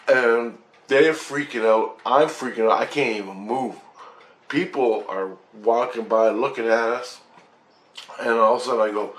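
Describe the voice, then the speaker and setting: A man telling a personal spiritual story in a rambling, excited way, swearing often and restarting his sentences. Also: mid-range voice, normal speed, roomy sound. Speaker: vlogger recounting a spiritual experience.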